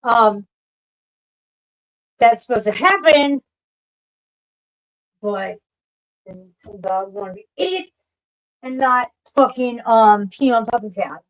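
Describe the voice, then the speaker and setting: A woman streamer in casual livestream chat, ranting with lots of swearing and shouting at her pets. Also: a little high, slow pace, pauses often, rough recording.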